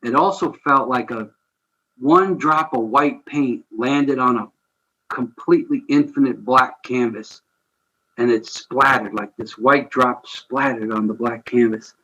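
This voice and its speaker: Speaking a little slowly with a breathy edge, a mid-range male voice tells a personal story as a podcast guest. He is a ministry founder, earnest and conversational, retelling events animatedly with chuckles, and the recording is muffled.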